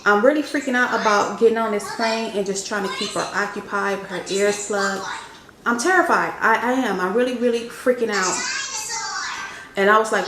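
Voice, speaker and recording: Speaking briskly in a mid-range voice, a young mom chats casually with her viewers in a kitchen vlog, frequently saying "y'all." The echoey room carries loud background music and noise.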